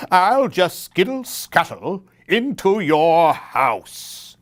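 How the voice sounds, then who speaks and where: A mischievous storybook skeleton that clacks its bones and is secretly timid, as a man puts it on. It talks loudly and slowly, in a raised voice that swings up and down. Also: high voice, big pitch swings, exaggerated voice. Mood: playful. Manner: loud, eager exclamations.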